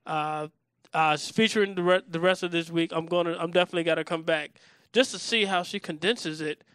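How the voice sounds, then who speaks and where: High bright-voiced joking man. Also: steady tone, a little fast, smooth, no echo. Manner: laughing, joking, talkative. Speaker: podcast co-host and comedian. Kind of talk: casual chat. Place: studio in Richmond, Virginia.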